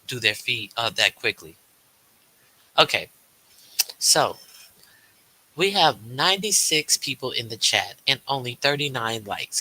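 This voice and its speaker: A man's voice: medium pitch, pushed and bright, rough recording. A man hosting a casual livestream, talking in a rambling, hesitant way with many fillers and restarts, reading and answering viewer chat aloud. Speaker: livestream host.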